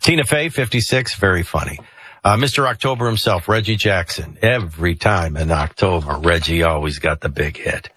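A male morning radio host with a bright, forceful voice that has a husky edge. He talks breezily and drops wry asides in an announcer's sing-song rhythm. He is close to a dry studio microphone. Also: sits low, moderate pace, no echo. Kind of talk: casual radio chat and sports rundown.

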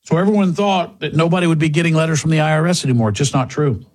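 Husky-voiced radio host, sardonic monologue, hits his points hard. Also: on the high side, racing, a little mellow. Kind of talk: talk radio monologue and ad read.

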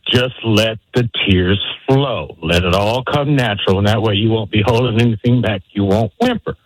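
A man's voice: on the low side, normal speed, no echo, poor audio. A man calling into a sports radio show, folksy as he gives friendly advice. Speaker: radio caller.

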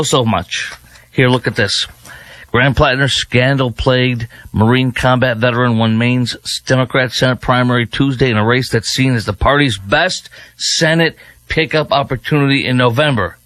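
A man's voice: medium pitch, a bit bright, dry recording. A man filling in as a radio talk show host, giving a sarcastic, rambling, opinionated monologue into a studio microphone.

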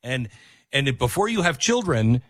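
A man's voice: medium pitch, expressive, moderate pace. A man hosting a commentary show, giving emphatic, preachy opinions with the odd mocking impression. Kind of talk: opinionated commentary on a video clip.

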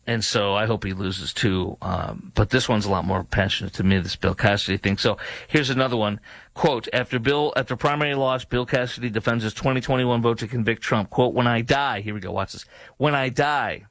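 A man hosting a talk show, delivering heated political commentary in an indignant, mocking tone that now and then rises to a shout. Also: mid-range voice, dry recording.

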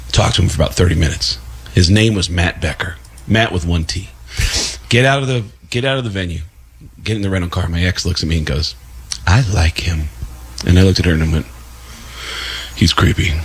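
A man, a comedian guest, telling a comic story on a radio show and building up to shouted punchlines. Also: low voice, husky.

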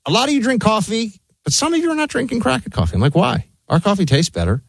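A lively talk radio man with a very animated delivery, cracking jokes and teasing his co-host. His voice is close and dry. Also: high voice, quick pace, gravelly, slightly rough, no echo. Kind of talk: casual talk radio banter and host-read ads.

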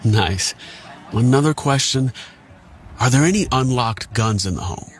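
A man's voice: mid-range voice, lively intonation, unhurried, a little hiss or hum, natural voice. A man acting a polite, upbeat neighbor in an ad dialogue. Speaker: actor in ad skit. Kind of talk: friendly ad dialogue.

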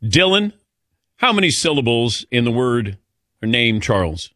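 A man hosting a sports talk radio show, relaxed and conversational, bantering with callers and crew. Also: medium pitch, a little slow, dry recording, studio quality.

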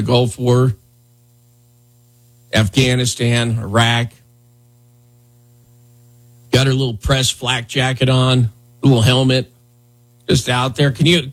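A man's voice: mid-range voice, low-quality recording. A man hosting a morning radio show, talking loosely with a joking, sarcastic edge. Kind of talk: casual morning radio talk. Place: radio studio.

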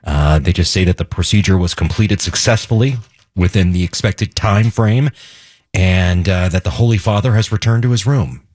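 A man's voice: sits low, normal speed, no echo, clean studio sound. A man co-hosting a casual radio show, reading breaking news and bantering about local stories. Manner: lively, joking, reads news off the wires. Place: radio studio. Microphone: studio microphone.

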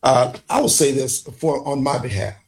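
A man's voice: mid-range voice, moderate pace, crowd noise, poor audio. A man from northern Louisiana co-hosting a morning talk radio show, chatting casually from a studio microphone.

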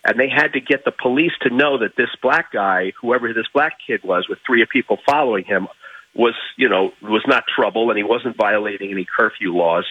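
A man from Miami, a guest in an interview, telling anecdotes in an animated way and restarting his phrases. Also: on the low side, normal speed, husky, no echo, highs cut off. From Miami, United States. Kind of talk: storytelling interview.

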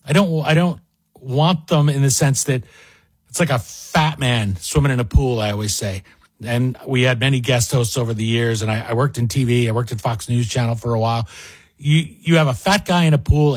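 A man's voice: medium pitch, moderate pace, husky, dry recording. A man guest hosting a talk radio show, chatting to listeners in a folksy, direct monologue.

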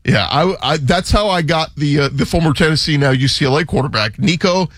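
A man's voice: a little high, animated, brisk, fairly bright tone, no echo. A man hosting a sports radio show, chatting casually and jokingly about how names are said, now and then mimicking other voices.

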